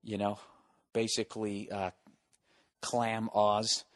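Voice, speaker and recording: A man's voice: on the low side, monotone, slow pace, no echo, clean studio sound. A man hosting a podcast from his home, delivering a profane, exasperated solo rant. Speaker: podcast host. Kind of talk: solo ranting monologue.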